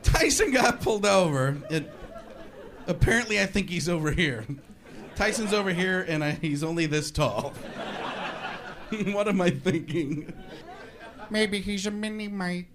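A man's voice: high voice, animated, measured pace, long pauses. A man doing stand-up comedy, rambling and switching into character voices before a live audience. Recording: live club with loud crowd and noise.

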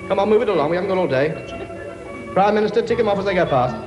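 A man's voice: sits high, lively intonation, rapid-fire, lo-fi sound, over music. A blustering comic king. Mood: brusque. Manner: blustering, scolding, chummy. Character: bossy, boastful comic king, middle-aged man. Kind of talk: sitcom acting before a laughing audience.

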